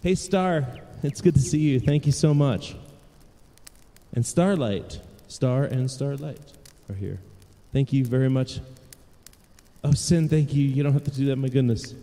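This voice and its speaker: A man's voice: medium pitch, a little slow, mellow, in a large hall. A man chatting casually and rambling to live viewers from his home music studio. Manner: rambling, chatty, self-deprecating.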